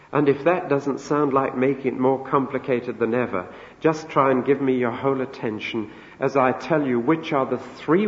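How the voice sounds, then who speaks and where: A man's voice: a little high, a little mellow. A man preaching a sermon in an earnest, storytelling manner, lifting his voice as he voices quoted words. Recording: echoey hall, dull lo-fi sound.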